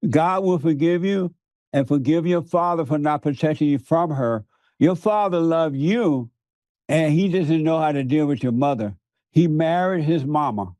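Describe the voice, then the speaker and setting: A man's voice: a little high, normal speed, a little mellow, dry recording. A man preaching to his interviewer in an emphatic, repetitive way, laughing often. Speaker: guest.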